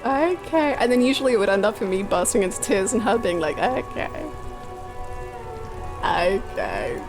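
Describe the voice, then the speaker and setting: A young woman streaming a video game from home, chatting, laughing and telling stories in an animated way. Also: mid-range voice, rapid-fire. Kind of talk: casual chat while playing a game. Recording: music from the game behind. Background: game music.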